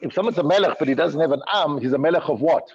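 A man's voice: a little high, racing, a little mellow, slightly rough, highs cut off. A man giving an informal Torah class in a study hall, explaining texts with many restarts, jokey asides and Yiddish-inflected phrasing. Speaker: Torah teacher. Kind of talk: informal Talmudic class lecture.

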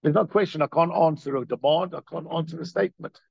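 A man giving a Torah class as its teacher, in an animated, questioning way full of rhetorical questions. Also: fairly high pitch, fast talker, gravelly, husky, no room sound, dull audio.

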